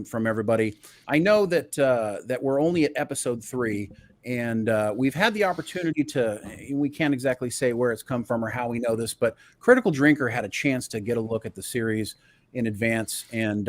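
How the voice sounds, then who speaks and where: A man's voice: mid-range voice, no room sound. A man hosting a live-streamed pop culture panel, with upbeat, scripted intro patter. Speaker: show host.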